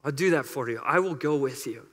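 A man voicing a calm, gentle male deity who speaks in soft assuring tones. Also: medium pitch, a little fast, long reverb tail, pitched below the performer's own voice. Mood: reassuring.

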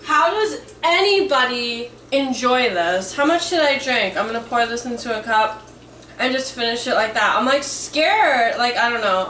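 A woman's voice: a little high, pushed and bright, a little hiss or hum. A woman around thirty vlogging casually at home, nervous, swearing freely and saying "like" a lot. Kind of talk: casual chatty vlog. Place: home kitchen. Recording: echoey room, mic some distance off.

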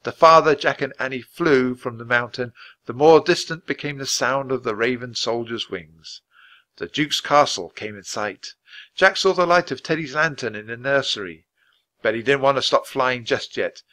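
A man reading a children's book aloud in an expressive, clear, measured way. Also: medium pitch. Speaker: storybook reader.

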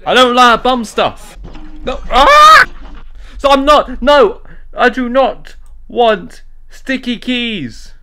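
A young man commentating a video game, excitable and jokey, yelling and swearing at it and talking himself down between fits. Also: very high voice, slow, slight background noise. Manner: talks to himself, jokey asides. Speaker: gaming YouTuber. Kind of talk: let's play commentary.

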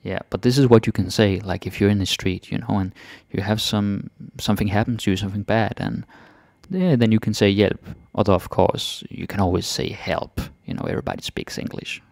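Male language teacher, low and gravelly, relaxed chatty delivery, dry close recording. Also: no room sound. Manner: relaxed, chatty, repeats phrases slowly then fast. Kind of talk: casual language lesson.

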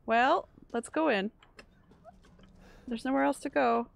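A woman's voice: high-pitched, slow, vocal fry. A woman streaming a horror game live, jumpy and reacting aloud while she chats with viewers. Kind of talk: live gameplay commentary. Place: home room.

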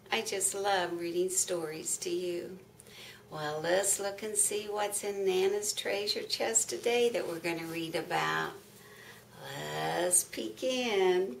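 A woman's voice: medium pitch, vocal fry, a little hiss or hum. An older woman reading a picture book aloud to young children, sing-song and full of exclamations. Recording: echoey room, mic far off.

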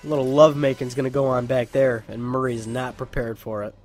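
A man's voice: mid-range voice, flat delivery, fairly quick, a little mellow, soft background music. A young man giving casual, joking gameplay commentary as a let's play host, laughing and swearing.

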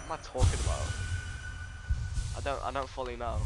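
A man's voice: medium pitch, expressive, fairly quick, long pauses. A man giving let's play commentary, ranting sarcastically and swearing often as he rambles. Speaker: gaming YouTuber. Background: loud game music.

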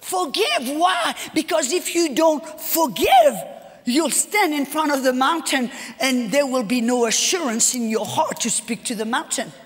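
A woman guest speaker preaching a sermon with personal stories, lively and acting out dialogue as she tells them. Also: high-pitched, a little slow. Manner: animated, acts out dialogue, repeats phrases. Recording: long hall reverb.

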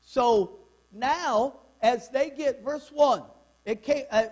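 A man's voice: very high voice, slow, a little mellow. A man in his sixties preaching a fervent, worked-up sermon in church. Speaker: pastor.

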